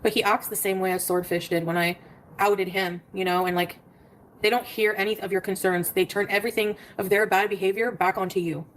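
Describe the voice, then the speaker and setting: Fast-talking woman reading out her messages. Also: medium pitch, steady tone, a little hiss or hum, low-quality recording. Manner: rapid storytelling, reading out text messages. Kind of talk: casual livestream chat.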